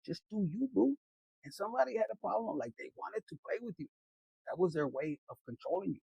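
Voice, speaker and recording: A man's voice: sits high, very animated, a little fast, vocal fry, mellow, slightly rough, no echo, dull audio. A man giving a casual tarot reading, preachy and blunt, swearing often and dropping in Spanish slang words. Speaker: tarot reader.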